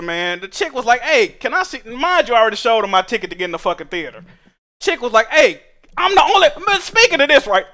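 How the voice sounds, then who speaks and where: Young male streamer, high bright voice, profane animated storyteller. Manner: profane, animated, rising to exasperated shouting. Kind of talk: casual storytelling rant.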